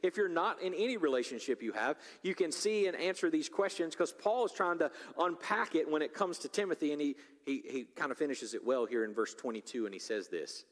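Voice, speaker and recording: A man's voice: a little high, animated, brisk, hardly any pauses. Impassioned preacher in his forties, echoing hall. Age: 40s. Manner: impassioned preaching, swinging between loud urgency and quiet intimacy. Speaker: pastor. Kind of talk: sermon. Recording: long reverb of a large hall.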